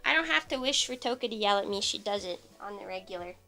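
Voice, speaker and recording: A woman's voice: mid-range voice, animated, fast, pushed and bright, soft background music. A woman baking on a live stream, talking to her viewers in a playful, bubbly way. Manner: playful and bubbly, chats with viewers while cooking. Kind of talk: casual live-stream chat while baking.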